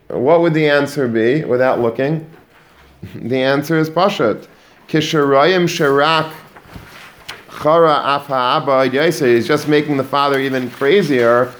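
A man giving a Torah lesson to students, animated, often repeating words and mixing in Hebrew and Yiddish terms. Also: medium pitch, moderate pace. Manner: animated, repeats words while building a point. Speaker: Torah teacher. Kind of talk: religious lecture to students.

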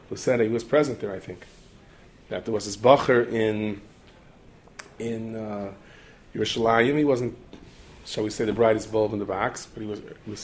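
A man giving a religious lecture, telling anecdotes with Hebrew and Yiddish terms in an animated way. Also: on the low side. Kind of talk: storytelling Torah talk.

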